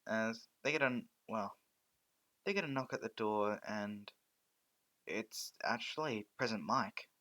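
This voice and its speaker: Guy reading out fan fiction, bright tense voice, keeps tripping and restarting. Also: on the low side. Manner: halting, many restarts. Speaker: narrator.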